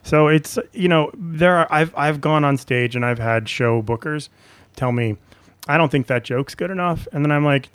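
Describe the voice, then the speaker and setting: Male comic guest, lively storyteller, dry close mic. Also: fairly high pitch, normal speed, clear, resonant tone, no room sound. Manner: animated storyteller, acts out quoted people. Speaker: comedian guest. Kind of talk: casual chat, storytelling.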